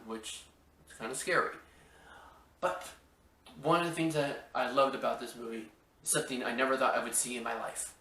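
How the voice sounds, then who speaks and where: A man's voice: medium pitch, bright, forceful tone. A man from Washington State hosting a podcast, chatting casually about movies in a rambling, exclamatory way that stumbles over restarts. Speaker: podcast host. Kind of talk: casual movie review chat. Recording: roomy echo, mic at a distance.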